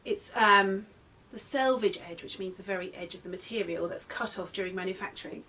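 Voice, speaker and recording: A young woman with an English accent talks through a beginner's crochet lesson. She is chatty and friendly, and she restarts her sentences as she explains, at an ordinary pitch. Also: brisk, bright, forceful tone. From England. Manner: chatty, friendly, self-correcting. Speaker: crochet designer and teacher. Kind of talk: casual tutorial.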